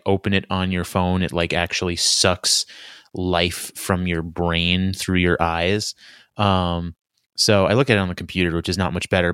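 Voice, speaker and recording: Young male host, profane sardonic rambler, lowish voice, dry close sound. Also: fairly bright tone, clear, resonant tone, no room sound. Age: young adult. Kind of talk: casual solo rant.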